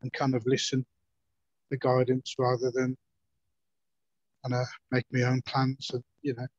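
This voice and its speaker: A slightly hoarse man speaks in a flat, even voice, hesitating and restarting as he shares a reflection. The call audio sounds dull and lo-fi, with a very dry sound. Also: mid-range voice, no room sound. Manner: halting, many fillers and restarts, earnest. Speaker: course participant. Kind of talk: personal sharing.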